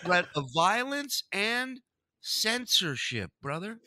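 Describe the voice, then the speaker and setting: A man hosting a podcast, telling a story in casual, profane, animated chat. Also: high-pitched, slow. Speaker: podcast host.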